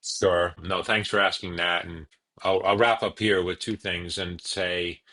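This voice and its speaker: A man telling his personal story as a podcast guest, earnest and halting, with frequent restarts. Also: sits low, fairly even intonation, sharp tone.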